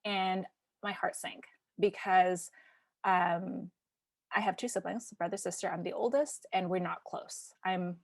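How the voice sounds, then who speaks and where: A Canadian woman hosts a podcast, telling a personal story casually and haltingly, full of fillers and restarts, sometimes dropping to a hushed near-whisper. Her voice is lowish with vocal fry and fairly even intonation, recorded at studio quality with no room sound.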